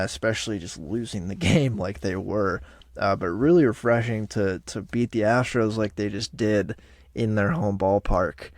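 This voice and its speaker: Excitable swearing man recapping baseball. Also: mid-range voice, no echo, studio quality. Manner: animated, profane, excitable. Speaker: podcast host. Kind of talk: casual sports recap.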